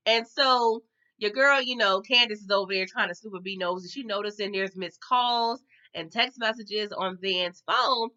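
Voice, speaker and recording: A woman's voice: mid-range voice, measured pace, bright, forceful tone. A woman giving a casual TV episode recap, chatty and slangy, talking to her viewers as y'all and tagging her lines with okay. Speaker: TV recap vlogger. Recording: dull lo-fi sound.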